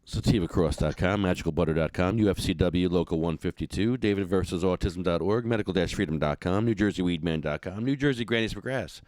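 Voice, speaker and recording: A man hosting a casual call-in radio show, joking and animated. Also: sits low, quick pace, hardly any pauses, no room sound, studio quality. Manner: joking, animated, self-mocking. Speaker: host.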